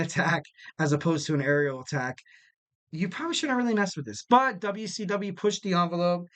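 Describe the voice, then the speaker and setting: A man's voice: high-pitched, a bit bright. A man hosting a wrestling podcast in casual chat, rambling with lots of fillers and restarts, and now and then acting out what people said. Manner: acts out quoted people.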